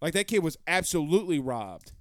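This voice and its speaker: A man hosting a sports talk stream, reading viewer comments aloud and answering them in a loud, passionate, blunt way with some swearing. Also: a little high, very animated, a little fast, no room sound, studio quality. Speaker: sports show host. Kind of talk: live-stream chat reading.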